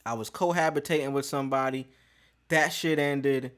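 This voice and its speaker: A man's voice: mid-range voice, fairly even intonation, moderate pace, a bit bright, clear, resonant tone. A man telling a personal story in a casual storytime vlog, slangy and profane, with lots of repeating.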